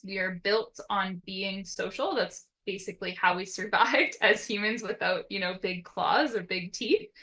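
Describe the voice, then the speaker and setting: A woman therapist giving an educational talk, explaining step by step with a lively, up-and-down intonation and often checking in with "right?". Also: mid-range voice, poor audio. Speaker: occupational therapist.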